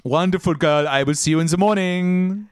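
A man voicing an affectionate female pirate captain with a put-on accent somewhere between German and French, warm and effusive. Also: sits high, moderate pace, noisy background, pitched above the performer's own voice, lightly acted. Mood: fond. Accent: mock German or French.

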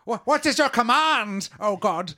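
A man's voice: very high voice, animated, measured pace, sharp tone, pitched above the performer's own voice, full character voice. A man voicing a groveling male creature chief who stammers and fawns over his new god. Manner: stammering, obsequious.

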